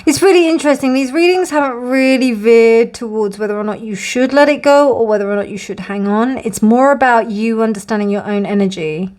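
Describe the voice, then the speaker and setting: A woman's voice: on the high side, brisk, hardly any pauses, darkish tone. A woman giving a pick-a-card tarot reading, chatty and rambling, calling her viewers "my darlings".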